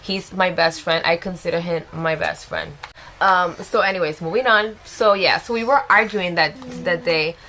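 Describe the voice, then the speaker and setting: A woman's voice: fairly low pitch, normal speed, sharp tone, slight background noise. A young woman telling a personal story in a chatty, emotional vlog style, often exclaiming. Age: young adult. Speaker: vlogger. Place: at home with a small child.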